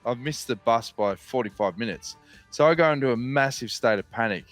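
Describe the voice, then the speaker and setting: A man's voice: medium pitch, fairly quick, a bit bright, no echo, faint music behind. A man telling a story in casual podcast chat, swearing freely. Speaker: podcast co-host.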